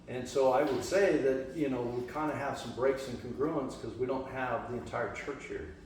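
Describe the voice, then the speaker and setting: A man's voice: medium pitch, fairly even intonation, normal speed, darkish tone. Man talking in a very echoey room. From Las Vegas, western US. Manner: rambling, conversational, many restarts and fillers. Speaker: church study group leader. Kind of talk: casual church group teaching. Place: church meeting room. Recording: echoey room, distant mic, faint hum.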